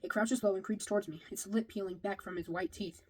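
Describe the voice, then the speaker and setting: A woman's voice: mid-range voice, fairly even intonation, fairly quick, dark tone, low-quality recording. Woman reading a novel aloud. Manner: first-person storytelling with occasional slips and rereads. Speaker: reader.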